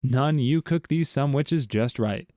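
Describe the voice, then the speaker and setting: A man's voice: medium pitch, measured pace, warm tone, dry recording, clean studio sound, pitched above the performer's own voice, natural voice. A man voicing a pompous cardinal. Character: indignant male cardinal.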